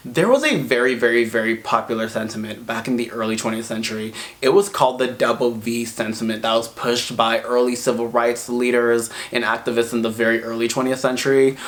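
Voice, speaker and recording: Man, mid-pitched voice, casual history commentary, chatty, wry asides. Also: fairly even intonation, fairly quick, hardly any pauses, fairly bright tone. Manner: chatty, repeats words for emphasis, wry asides. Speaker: history video host.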